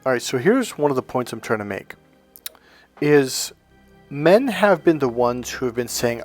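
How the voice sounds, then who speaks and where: A man's voice: mid-range voice, very animated, a little slow, soft background music. A middle-aged man, a life coach, delivering an emphatic, preachy motivational monologue full of storytelling.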